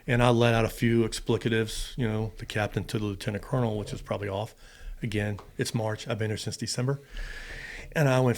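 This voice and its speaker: A man's voice: fairly low pitch, fast. A middle-aged man, a former fighter pilot, telling stories in an interview and acting out what people said. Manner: animated, acts out quotes with emphasis. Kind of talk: storytelling interview.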